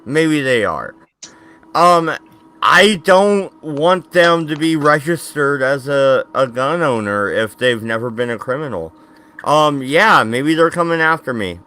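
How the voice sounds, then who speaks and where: A man's voice: fairly high pitch, expressive, unhurried, pushed and bright. Man rambling through a story. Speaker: podcast co-host. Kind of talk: casual chat.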